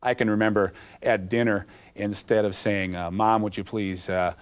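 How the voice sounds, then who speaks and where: A man's voice: fairly low pitch, steady tone, normal speed. A man in an interview, fondly recalling a childhood TV show through anecdotes. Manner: fond, anecdotal. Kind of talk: reminiscing interview.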